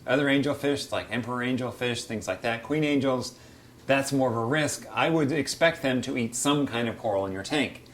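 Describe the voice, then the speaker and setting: A man hosting a casual aquarium Q&A from beside his reef tank, chatty and quick to act out little quoted voices. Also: mid-range voice, a bit bright, slight background noise. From United States. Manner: chatty, acts out quotes of fish and hobbyists. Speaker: aquarium hobby show host. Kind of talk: casual Q&A explainer.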